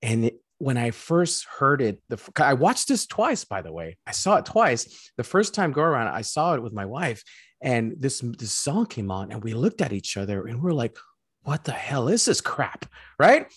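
Lively, chatty man with a dry close sound. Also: medium pitch, normal speed, slightly rough, no room sound. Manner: laughs often, lively and chatty. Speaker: film review show host. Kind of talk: casual film review chat.

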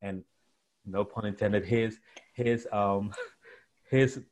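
A young man, a guest in an interview, tells his story in a fairly low, slow voice. He's an animated storyteller who acts out the voices of the people he quotes.

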